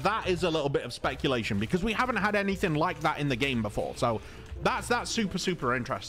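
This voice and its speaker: A man from England with an English accent, calmly talking through a video game in casual commentary, polite and chatty. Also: high-pitched. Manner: calm, conversational, polite even when insulted. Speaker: gaming video host.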